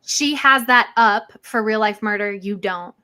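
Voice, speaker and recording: A woman's voice: medium pitch, a little slow, bright, forceful tone. A woman hosting a casual livestream chat, reading viewer comments aloud and talking through her goals. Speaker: livestream host.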